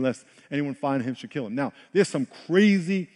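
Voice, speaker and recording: Pastor, male, slightly high voice, emphatic preaching with repeated words, long hall reverb. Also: animated, normal speed, darkish tone. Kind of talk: sermon.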